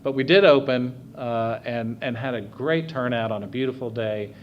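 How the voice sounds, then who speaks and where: Male guest speaker, easygoing storyteller at a library event; muffled recording with low background hiss. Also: normal speed. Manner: conversational storyteller with many fillers. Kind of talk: public talk with anecdotes. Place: library meeting room.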